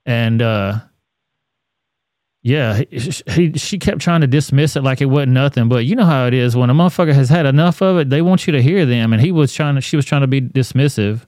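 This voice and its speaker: A man's voice: medium pitch, brisk, darkish tone, no echo, clean studio sound. A man, hosting a podcast and giving blunt, profane commentary on news stories. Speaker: podcast host. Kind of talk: casual chat, reading news.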